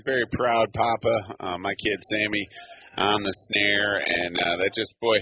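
A man calling a local high school football game on the radio, chatty and folksy, getting excited on big plays. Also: unhurried. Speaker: play-by-play announcer. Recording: muffled radio broadcast with faint hiss.

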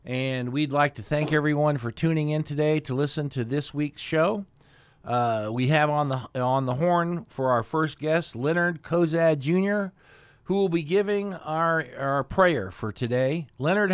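A man's voice: a little high, a little slow, clean tone, dry recording. Easygoing male radio host. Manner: easygoing, with fillers and restarts. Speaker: radio talk show host. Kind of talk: casual radio hosting.

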